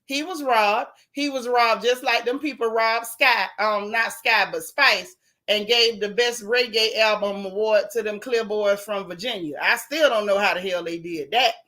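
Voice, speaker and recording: Animated bright-voiced woman gossiping. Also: mid-range voice, normal speed. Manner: animated, joking, folksy storytelling. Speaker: show host. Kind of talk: casual gossip chat with live viewers.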